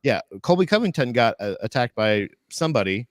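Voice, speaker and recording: Podcast co-host, man, mid-pitch, rambling delivery, dry close sound. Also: big pitch swings, a little fast, no echo. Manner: rambling, many restarts, laughing asides. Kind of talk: casual chat.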